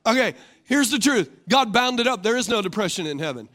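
Male pastor, high voice, sermon style, big on call-and-response. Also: animated, brisk, pushed and bright. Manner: rhetorical, calls for congregation responses; repeats questions for emphasis.

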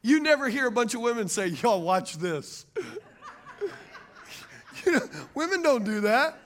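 A man's voice: very high-pitched, expressive, normal speed, a bit bright, a little hiss or hum. A man, preaching a sermon as pastor and calling to the congregation for amens and agreement. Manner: call-and-response preaching, asks the crowd for amens.

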